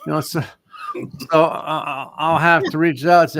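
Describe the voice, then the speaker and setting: A man's voice: on the high side, steady tone, normal speed, a bit bright, dry recording. A man co-hosting a casual chat show, talking in a rambling, meandering way. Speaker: co-host.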